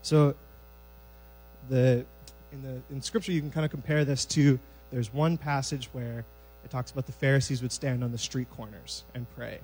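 A man preaching a sermon in a church sanctuary, conversational and lively, acting out scenes from scripture. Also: medium pitch, moderate pace, low-quality recording.

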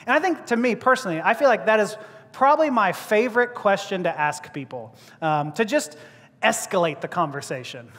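A man's voice: very high voice, fairly bright tone. A male preacher giving a sermon, joking and laughing as he talks, often restarting his words. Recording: long reverb of a large hall.

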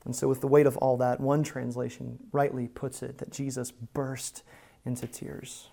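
Man, pastor, sermon, earnest, conversational, hushed to emphatic. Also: mid-range voice, flat delivery, normal speed, gravelly. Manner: conversational asides to the congregation.

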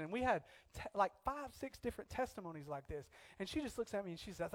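Animated young preacher, fairly high voice. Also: male voice, fairly quick, no echo. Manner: animated storytelling, loud bursts then hushed reflection. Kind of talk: sermon with personal story.

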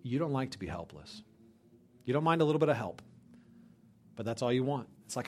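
A man preaching a sermon to his church, addressing the congregation directly as "you guys". He swings from loud, emphatic lines to hushed, almost whispered ones. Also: mid-range voice, sing-song, fairly quick, pauses often. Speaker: pastor.

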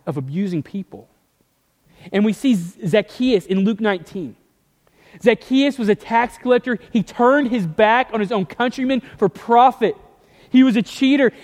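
A man preaching an earnest sermon, dropping to a hushed voice when he tells stories. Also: sits high, in a large hall. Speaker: pastor.

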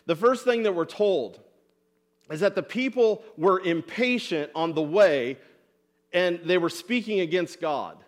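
A male pastor delivers a sermon in a fairly high voice. He speaks earnestly and often repeats words as he builds toward each point. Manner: acts out the people's complaints in quoted voices.

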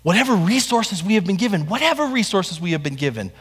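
High-voiced pastor preaching in a reverberant hall. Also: male voice, big pitch swings, quick pace, husky. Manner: preaching with rhetorical questions and repetition. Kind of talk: sermon. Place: church sanctuary.

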